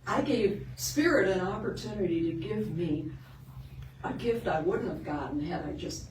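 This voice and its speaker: A middle-aged woman minister giving a storytelling sermon, lively when telling the story and soft and earnest when making her point. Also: fairly low pitch, moderate pace. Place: sanctuary of a spiritual center. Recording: roomy, distant, with background noise.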